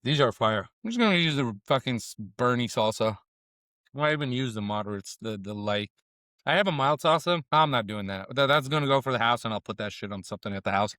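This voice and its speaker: A man's voice: medium pitch, animated, brisk, bright, forceful tone, no echo. A middle-aged man vlogging casually about tacos, rambling and swearing as he eats and talks through his grief, close to tears. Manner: profane, rambling, shifting between eating noises and sad confession. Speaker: food vlogger and comedian. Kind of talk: casual food review vlog. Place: on camera at a taco restaurant.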